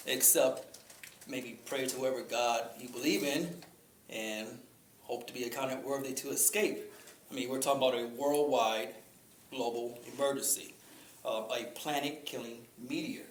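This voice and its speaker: A man giving an informal talk to a group, conversational, pausing often with fillers. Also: medium pitch, fairly even intonation. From Chicago. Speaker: speaker. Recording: echoey room with faint ambient noise.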